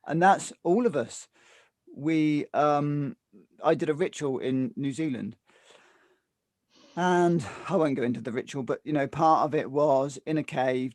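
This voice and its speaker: A man co-hosting a talk show in casual conversation, animated and acting out what other people say to him. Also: mid-range voice, no room sound, clean studio sound. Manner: animated, mimics others in quoted asides. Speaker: podcast co-host.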